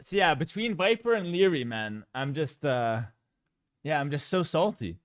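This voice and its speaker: A man with a high, very lively voice spins a story for his stream, joking and playing up his outrage. The sound is dry and close. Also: moderate pace, no room sound. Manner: animated, joking, exaggerated mock outrage.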